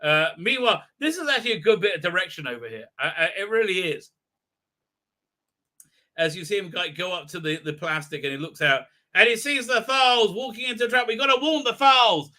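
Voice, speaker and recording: A man's voice: high-pitched, animated, brisk, bright, forceful tone. A man hosting a live stream, giving sarcastic, rambling commentary on a TV episode as it plays. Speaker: show host reviewing an episode.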